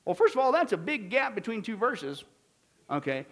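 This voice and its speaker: A man's voice: sits high, sing-song, moderate pace, a bit bright. A man preaching a Bible study sermon, emphatic and quizzing his listeners with questions. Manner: emphatic, asks the audience questions. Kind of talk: sermon-style Bible teaching.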